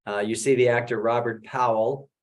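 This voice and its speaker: Middle-aged priest talking casually on a webinar, lots of uh's, storytelling, average pitch. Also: male voice, moderate pace, a little hiss or hum. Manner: conversational, many "uh" fillers, animated questions. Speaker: Jesuit priest and author presenting his book.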